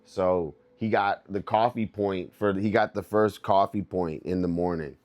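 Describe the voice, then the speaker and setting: Young man, livestreamer, low voice, unhurried drawl, rambling casual chat. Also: fairly even intonation, a little mellow. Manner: loose, rambling, laughs often, addresses chat as dude and bro.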